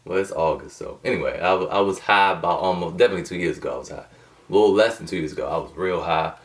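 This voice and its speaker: A man's voice: deep voice, quick pace, recorded from a distance. A man talking casually to camera as a motivational host, rambling and digressive with loose slang and many restarts.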